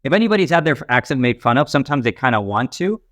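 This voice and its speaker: A young stand-up comedian from a Pakistani family who grew up in Texas, telling stories in a rambling, animated way full of fillers. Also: male voice, medium pitch, very fast, dry recording, clean studio sound. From Pakistani family, raised in Texas, later Canada. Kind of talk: casual interview talk.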